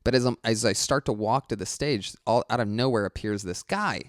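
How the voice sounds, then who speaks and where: A male comedian telling a story as a podcast guest, animated, profane and exasperated. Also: medium pitch, brisk, no echo, clean studio sound.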